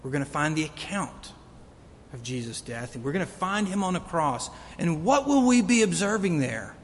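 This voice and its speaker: A man's voice: sing-song, moderate pace. A man preaching a sermon earnestly, building to emphatic peaks. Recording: long reverb of a hall, faint rumble.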